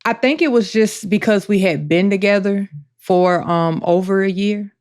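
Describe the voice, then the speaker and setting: A woman's voice: medium pitch, a little mellow. Emotional woman opening up on a podcast. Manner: emotional, open, slow and halting. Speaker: podcast co-host. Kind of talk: candid personal talk.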